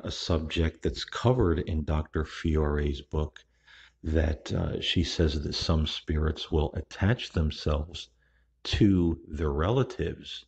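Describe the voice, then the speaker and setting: A man hosts a podcast in a very deep voice that is husky and rough. He talks in a relaxed, unhurried monologue and often restarts his sentences. The recording sounds somewhat muffled and lo-fi. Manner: unhurried, with frequent restarts and fillers. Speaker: podcast host. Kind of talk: casual spoken monologue. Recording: dull, lo-fi recording.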